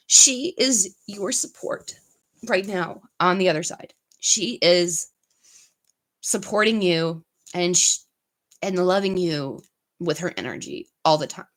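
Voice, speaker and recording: Woman, live-stream tarot reader: low-ish, very slow, gentle delivery with frequent pauses. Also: rough recording. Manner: soft, unhurried, full of pauses and fillers. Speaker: tarot reader and channel host. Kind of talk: live-stream card reading.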